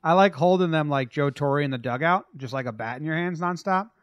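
A man co-hosting a sports podcast in a loose, jokey way. He talks in a fairly high voice that sometimes sinks to a mumble, close to a dry mic. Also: a little fast, dry recording, muffled recording. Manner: jokey, animated, drops to mumbles. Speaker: podcast co-host. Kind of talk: casual sports podcast chat.

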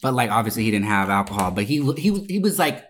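A woman casually telling a wild story, profane and animated, with frequent laughter and swearing. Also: very deep voice, fast, slight background noise.

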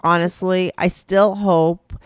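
A woman's voice: on the low side, little pitch movement, slow pace, clean tone, no echo, clean studio sound. Woman giving frank, direct advice. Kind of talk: candid conversation.

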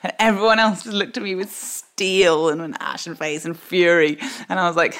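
A woman, a guest on a podcast, telling anecdotes in an animated way and laughing often. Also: lowish voice, fairly quick, hardly any pauses. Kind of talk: interview anecdote.

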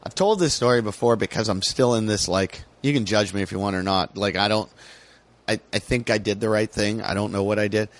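A man's voice: fairly low pitch, fairly quick. American man telling a story animatedly. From United States. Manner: animated, acts out voices in his story. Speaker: comedian guest. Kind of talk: casual podcast storytelling.

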